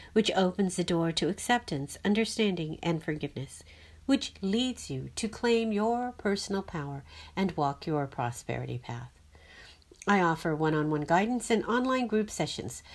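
A woman's voice: on the low side, a little mellow. A woman astrologer giving a spiritual forecast and leading a guided meditation in a soothing, melodic way.

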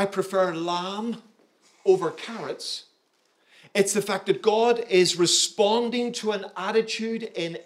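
A man preaching with a voice pitched a little above the usual male range. He is emphatic, leans into key words and keeps turning to his listeners with questions to pull them along through the sermon. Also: a bit bright. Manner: emphatic, engaging, asks the audience questions. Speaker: pastor.

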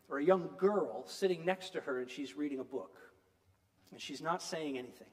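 A man preaching a sermon, retelling a story in an animated, emphatic storytelling manner. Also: a little high, long reverb tail.

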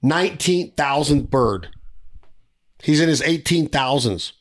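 A man hosting a podcast, rambling through a hunting story with quick restarts. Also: a little high, animated. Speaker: podcast host. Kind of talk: casual podcast chat.

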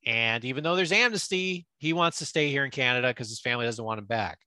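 A young man co-hosting a podcast, casually recapping a film in an animated, riffing way with frequent restarts. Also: medium pitch, quick pace, dry recording. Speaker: podcast co-host.

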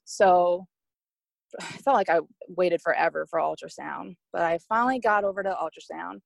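Young woman, podcast guest, slightly low with a gravelly edge, recounts her experience openly. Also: normal speed, no echo. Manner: candid, emotional retelling with quoted speech. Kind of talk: personal storytelling.

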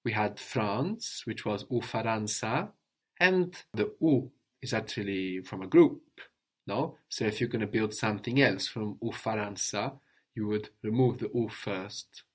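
Patiently drilling words in a language lesson, a man with a lowish, husky voice repeats his learner's answers slowly and compliments them.

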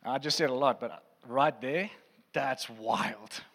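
Male preacher, mid-pitched, earnest and heartfelt, sermon in a hall with a long echo. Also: slow, fairly bright tone, breathy edge. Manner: earnest, heartfelt, with frequent fillers and restarts.

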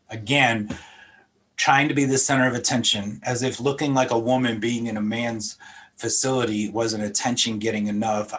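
With a lowish yet fairly bright voice, a middle-aged man from Philadelphia shares heartfelt testimony as an interview guest. He reflects aloud and repeats words while collecting his thoughts.

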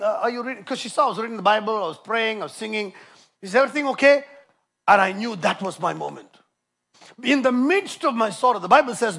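A man preaches a passionate sermon in a high voice with a rough, gravelly edge. He drives some lines home loudly and drops to a near hush to tell his stories. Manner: impassioned preaching, swinging between loud emphasis and hushed storytelling.

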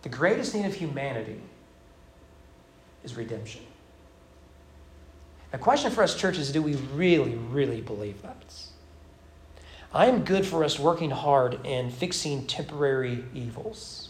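A man's voice: mid-range voice, animated, normal speed, long pauses, roomy sound, a little hiss or hum. A male pastor preaching a sermon with emphatic rhetorical questions. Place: church sanctuary.

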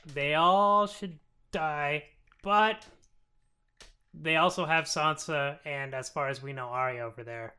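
A man's voice: a little high, slow pace, clean tone. A man casually paraphrasing a worried noble mother while recapping a show. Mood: deadpan. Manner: flat, offhand paraphrase. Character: worried noble mother, middle-aged woman.

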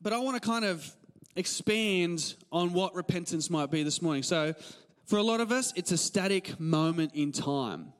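A male pastor in his thirties with an Australian accent, giving a casual, animated sermon full of stories and laughs. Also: high voice, moderate pace, in a large hall. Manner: conversational, animated storytelling with laughs. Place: church hall.

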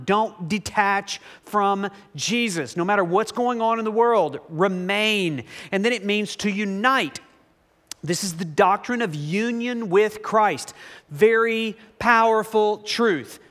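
A man preaching to his congregation with a high, light voice. He talks casually, with fillers and jokes, then slows down when he reads scripture aloud. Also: a bit bright. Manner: conversational preaching with fillers and humor. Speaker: pastor. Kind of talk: sermon.

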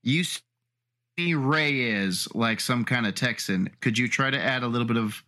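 A man's voice: medium pitch, measured pace, bright, forceful tone. A man from Peru co-hosting a casual podcast, teasing and playful. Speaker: podcast co-host.

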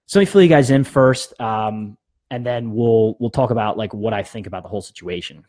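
A man's voice: fairly low pitch, brisk, a little mellow, no echo. A young man hosting a sports podcast, giving blunt, opinionated takes in casual talk and laughing at his own jokes.

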